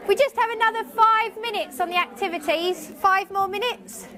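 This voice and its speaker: A woman's voice: extremely high pitch, moderate pace, pushed and bright, a faint crowd. A woman teacher presenting a workshop to a room of colleagues, chatty and self-mocking. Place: conference room with tables.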